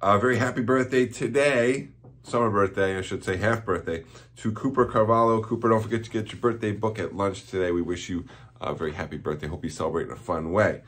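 A man's voice: lowish voice, a bit bright. A man, a school principal, giving cheerful morning announcements to students and chuckling at their jokes.

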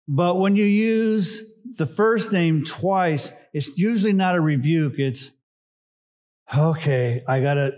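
Man, pastor, sermon, conversational, slightly high voice, middle-aged. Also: a little mellow. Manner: conversational teaching with asides and filler "uh"s.

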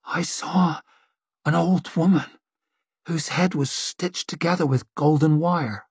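A man's voice: on the high side, steady tone, takes it slowly, dry recording, clean studio sound, voice pushed up, heavily acted. A man voicing a hollow-voiced young woman seer. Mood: trance-like. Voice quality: rough, hollow.

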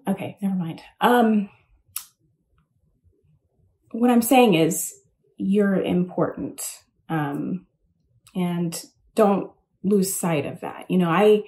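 A woman speaks in a mellow, unforced voice. She tells her story in a loose, self-deprecating way, full of ums and asides. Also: medium pitch. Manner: rambling, self-deprecating, chatty with many fillers. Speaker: commencement speaker. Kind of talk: casual speech. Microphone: home recording for a virtual address.

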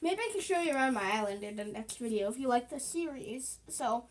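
High-voiced woman rambling over gameplay. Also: lively intonation, a little fast, slight background noise, rough recording. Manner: rambling, playful, jokey asides. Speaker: gaming channel host. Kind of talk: casual gameplay commentary.

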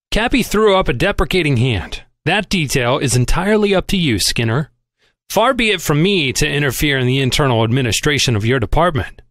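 A man narrates a novel aloud with plenty of expression, moving between the characters' voices. His pitch swings widely and sits a little above the usual for a man. The recording is dry and close, with no room sound. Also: no room sound. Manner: lively, expressive storytelling. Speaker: audiobook reader.

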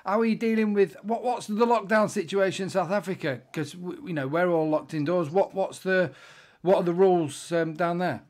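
A man's voice: high voice, steady tone, moderate pace. A man co-hosting a podcast in a chatty, jokey way. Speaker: podcast co-host. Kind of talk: casual chat.

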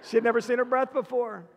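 High gravelly man in echoey hall. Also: muffled recording, a little hiss or hum. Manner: earnest, moving from hushed to excited retelling. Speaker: chapel speaker. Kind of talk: personal storytelling sermon. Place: school chapel.

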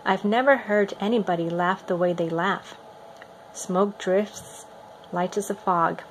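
A woman reading a picture book aloud in a steady, expressive storytelling manner. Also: medium pitch, unhurried, slight background noise. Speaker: reader.

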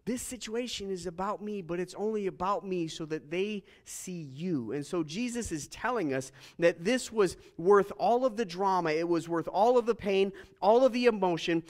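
A man preaching a sermon as pastor, animated and acting out scenes with jokes. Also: high voice.

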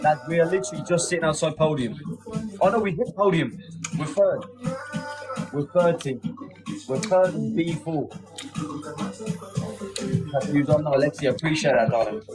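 A man's voice: fairly high pitch, normal speed, long pauses, poor audio. A man from England hosting a casual live stream, chatting, thanking viewers and rallying his team. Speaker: livestream host. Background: loud music.

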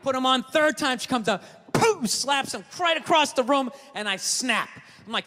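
A man's voice: very high-pitched, expressive, moderate pace, sharp tone, slight background noise. A man doing a stand-up comedy set, ranting and swearing as he mocks and argues with the crowd. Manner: profane, ranting, mocking. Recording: stage mic in a reverberant hall with a live audience.

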